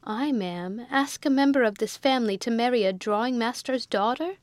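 A woman's voice: a little high, moderate pace, no echo, close to an everyday voice. A woman voicing a timid, fluttery spinster companion who speaks in a nervous, prim way.

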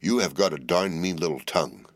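Moody, earnest young man, deep and dry, read by the male narrator in his own voice. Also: fairly quick, dry recording. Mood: grave.

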